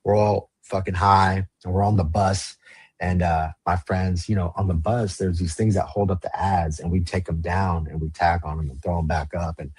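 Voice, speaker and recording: A man's voice: low voice, steady tone, normal speed, darkish tone, breathy edge, dry recording. A man from the Los Angeles area, a podcast guest telling his story in casual, slang-heavy, profane talk. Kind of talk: storytelling interview.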